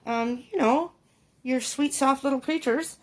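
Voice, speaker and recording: A woman's voice: high-pitched, unhurried. A woman giving a casual tarot reading to her viewers, thinking aloud with many ums and laughing often. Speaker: tarot reader.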